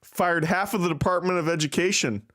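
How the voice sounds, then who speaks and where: A man's voice: high voice, brisk, a bit bright. A man hosting a casual livestream, rambling and self-deprecating with plenty of swearing. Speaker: livestream host. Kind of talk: casual live-stream chat.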